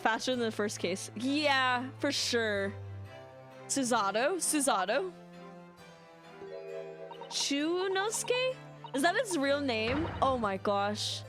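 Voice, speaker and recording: A woman's voice: high voice, animated, slow pace, pauses often. A young woman gushing and giggling as she comments on her game during a casual live stream. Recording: music playing loudly under the voice. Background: game music.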